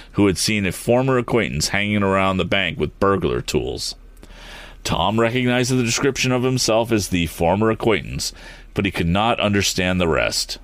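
A man's voice: low voice, dry recording. A man reading a story aloud, giving each character a voice, with a few restarts along the way. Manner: animated, lively reading with occasional restarts. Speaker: audiobook reader.

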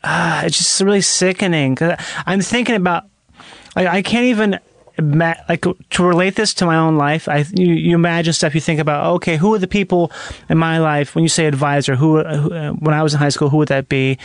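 A man's voice: on the high side, fairly even intonation, brisk, dry recording, clean studio sound. A man hosting a podcast, asking questions and reacting with sympathy. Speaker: podcast host. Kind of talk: casual interview chat.

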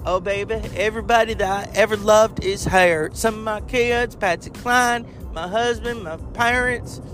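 Man doing a sweet folksy older country lady, high voice, music behind, calls folks honey. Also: steady tone, moderate pace, a bit bright. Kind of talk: comic impression interview.

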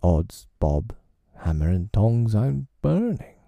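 A man voicing a menacing, scheming pirate captain in a storybook reading, slow and brooding, speaking through his teeth. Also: fairly low pitch, big pitch swings, gravelly, no echo, highs cut off, voice pushed up, exaggerated voice. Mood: fearful.

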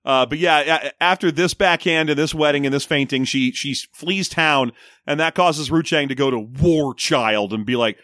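A man's voice: a little high, fairly bright tone, no room sound, studio quality. A man co-hosting a casual podcast, recapping a movie with jokes and laughter. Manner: joking, quick to laugh. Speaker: podcast co-host.

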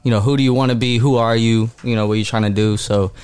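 A man's voice: medium pitch, fairly even intonation, fast, darkish tone, clean tone, dry recording. A man who is a guest musician, reflecting on his songs in a casual way with many fillers. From Dallas. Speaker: guest artist. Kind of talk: casual podcast chat.

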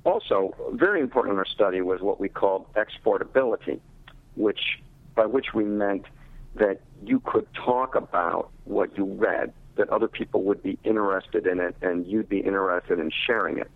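A man's voice: on the low side, no echo. Man on a tinny phone line. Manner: thoughtful, explanatory, measured. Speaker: literacy researcher and teacher. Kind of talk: interview over phone.

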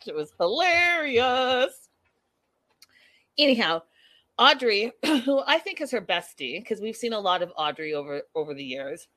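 A woman vlogger recapping a reality show in casual, animated, gossipy chat with dramatic asides. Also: a little high, measured pace, no echo.

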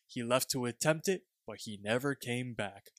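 A man's voice: medium pitch, moderate pace, no room sound, studio quality, lightly acted. A man voicing an older male park worker as he tells an old story, in a raised, earnest storytelling voice.

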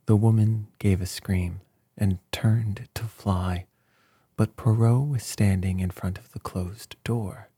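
A man narrating a story in the first person with a measured, deliberate reading. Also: on the low side, fairly even intonation, warm tone, slightly rough, dry recording, clean studio sound. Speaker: audiobook narrator.

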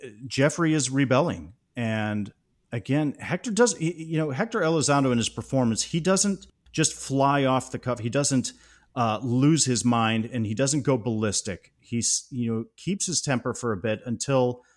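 A man's voice: medium pitch, normal speed. A man co-hosting a podcast, talking through a film scene in a thoughtful, analytical way. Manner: thoughtful, analytical, animated when praising. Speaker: podcast co-host. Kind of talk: casual film discussion.

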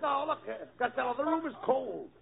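A man's voice: high-pitched, huge pitch swings, moderate pace, vocal fry, narrow, tinny audio, very noisy. A man playing the exasperated straight man in a 1940s radio comedy sketch. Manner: exasperated, scolding. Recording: old broadcast with loud audience.

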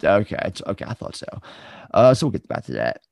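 Guy with a bit of fry hosting a movie podcast, asks his guest questions, dead dry sound. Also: fairly low pitch, big pitch swings, fast, darkish tone, dry recording. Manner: recaps plot, asks questions. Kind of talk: casual film discussion.

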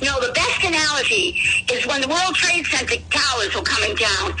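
A woman's voice: high voice, lively intonation, normal speed, few pauses, over loud music, low-quality recording. A woman calling a talk radio show, rambling and scornful about the people she disagrees with. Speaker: caller. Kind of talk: phone-in political talk.

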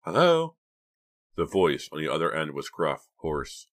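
A man narrating an audiobook in a steady, measured storytelling manner. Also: extremely low pitch. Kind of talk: scripted narration.

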